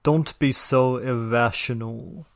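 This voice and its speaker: Dude doing sarcastic reaction commentary, slow and mocking. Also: male voice, mid-range voice, steady tone, gravelly. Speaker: commentary video host.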